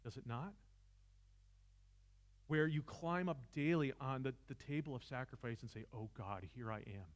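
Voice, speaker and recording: A man's voice: mid-range voice, moderate pace, pauses often. Impassioned male seminar lecturer. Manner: impassioned, rises to near-shouting, self-deprecating humor. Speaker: philosophy teacher, seminar speaker. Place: church seminar room.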